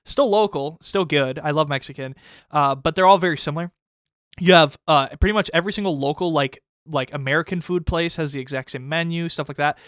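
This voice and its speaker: A man's voice: a little high, a little fast, fairly bright tone, smooth, no echo, clean studio sound. A man in his twenties hosting a casual podcast chat, rambling and swearing heavily as he gets worked up. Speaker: podcast host.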